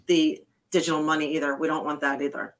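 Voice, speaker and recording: A woman's voice: sits low, level tone, fast, slight background noise. A woman hosting a political podcast, talking bluntly and emphatically, swearing freely in casual chat. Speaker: podcast host.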